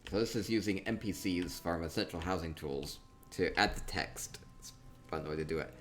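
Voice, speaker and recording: A man chatting casually through a tour of a game, upbeat and quick to repeat himself, with soft laughs between remarks. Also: low voice, faint music behind. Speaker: gaming streamer touring player-built homes. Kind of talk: casual gameplay commentary.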